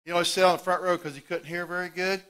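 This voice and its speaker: A middle-aged pastor races through his sermon in a high, clean-toned voice. He tells stories, moving animatedly from loud outbursts to hushed asides.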